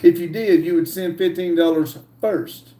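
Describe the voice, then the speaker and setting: A man hosting a livestream, reading viewer chat aloud in a slow, halting way with frequent "uh" fillers. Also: fairly high pitch, fairly even intonation, mellow, roomy sound, far from the mic. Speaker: livestream host.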